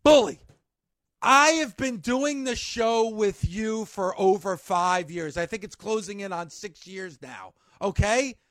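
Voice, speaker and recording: Man, radio host, very high voice, dry close studio mic, emphatic exasperated rant. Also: unhurried, a bit bright, dry recording. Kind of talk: ranting sports radio talk.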